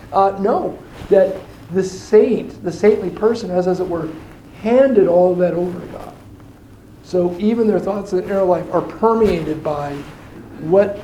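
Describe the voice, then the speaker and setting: A man with a fairly high but mellow voice explains ideas in a thoughtful way, drifting off on side paths and slowing down to stress key points. The room around him is echoey and carries a faint hiss. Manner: thoughtful, digressive, with slowed emphasis. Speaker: teacher. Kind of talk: explaining faith in a discussion.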